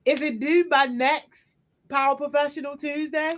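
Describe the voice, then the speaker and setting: A woman's voice: high-pitched, fairly even intonation, normal speed. A woman co-hosting a casual livestream talk show, teasing and slangy, asking follow-up questions. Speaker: co-host.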